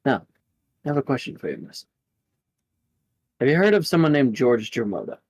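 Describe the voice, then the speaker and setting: A man voicing a calm, solemn Jesus in a tabletop game, speaking in a slow, hushed, fatherly way. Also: medium pitch, slightly rough, no room sound. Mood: benign.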